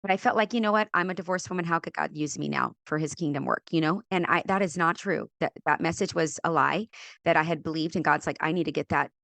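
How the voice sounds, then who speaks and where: A middle-aged woman from California, a podcast guest and author, telling her faith story in an animated way, acting out quoted voices and laughing often. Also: deep voice, fast, gravelly, no echo. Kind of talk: animated testimony in a faith interview.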